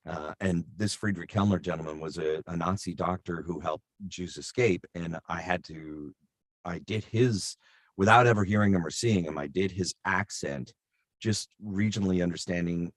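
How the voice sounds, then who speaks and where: A man's voice: deep voice, normal speed, no echo, studio quality. A middle-aged man, a voice actor, telling stories in a casual interview, rambling with many fillers and restarts. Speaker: voice actor guest.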